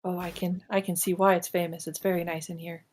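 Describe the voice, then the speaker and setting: A woman's voice: on the low side, flat delivery, brisk, a little mellow. A woman playing in a tabletop game, chatty and playful. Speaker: player.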